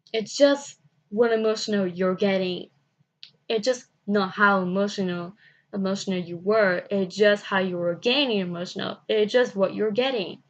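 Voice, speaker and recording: Woman rambling through a story on her vlog, slow and halting, keeps restarting, kinda muffled lo-fi audio. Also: medium pitch. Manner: halting, repetitive, restarts often. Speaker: vlogger.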